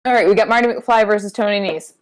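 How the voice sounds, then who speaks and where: A woman's voice: mid-range voice, fast talker. A woman co-hosting a wrestling podcast, recapping matches in casual chat with playful wordplay and frequent swearing. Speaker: podcast co-host.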